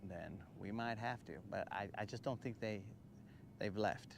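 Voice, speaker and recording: A man's voice: fairly low pitch, unhurried, creaky, noisy background. Easygoing man livestreaming from a fishing boat. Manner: relaxed, talks to viewers and to the fish, slangy. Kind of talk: casual live-stream chat while fishing. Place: outdoors on a boat on a lake. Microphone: phone camera on the boat.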